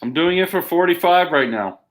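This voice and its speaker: A man co-hosting a live shopping show, pitching comic books with hyped, emphatic salesman patter. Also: lively intonation, fairly quick. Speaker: co-host selling comics.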